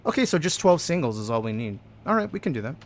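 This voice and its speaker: A man's voice: mid-range voice, quick pace. Chatty joking male game streamer. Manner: chatty and joking, greets chat, hums and yells when excited. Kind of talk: casual gameplay streaming chat. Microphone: desk microphone.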